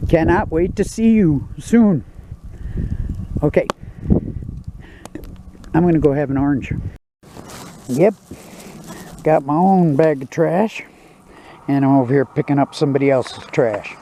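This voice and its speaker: A man's voice: on the high side, noisy background. A man narrating his own outdoor cooking vlog beside a campfire in the woods, in a folksy, joking, laid-back way.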